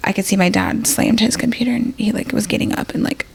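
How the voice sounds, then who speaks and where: A woman's voice: mid-range voice, wildly swooping pitch, fast, gravelly, husky. A woman, an emergency nurse, telling a personal story as a podcast guest in a casual, rambling way, acting out what people said. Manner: rambling, full of fillers and acted-out quotes.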